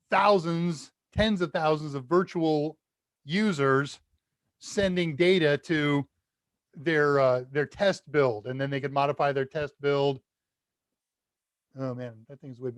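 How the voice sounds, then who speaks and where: A man's voice: a little high, a little slow, dry recording, clean studio sound. Chatty man live-streaming a tech Q&A. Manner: rambling, chatty, talks to chat while working. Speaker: tech instructor hosting a live Q&A. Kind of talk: casual live-stream teaching. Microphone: desk mic at a computer, level jumps as he leans away.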